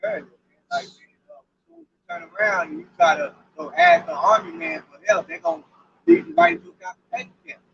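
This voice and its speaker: High, gravelly man reading scripture slowly. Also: huge pitch swings, highs cut off, a little hiss or hum. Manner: reads verses slowly and emphatically. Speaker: scripture reader.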